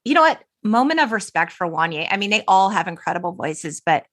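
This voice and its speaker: A woman hosting a podcast in casual chat, animated and giggly, acting out quotes as she talks. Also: mid-range voice, a little fast, no room sound, clean studio sound. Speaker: podcast host.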